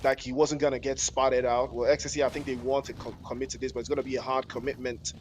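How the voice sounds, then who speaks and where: A man's voice: medium pitch, level tone, quick pace, slight background noise. Jokey slangy male esports caster. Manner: jokey, rambling, slangy, laughs often. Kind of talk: live esports commentary mixed with chat banter.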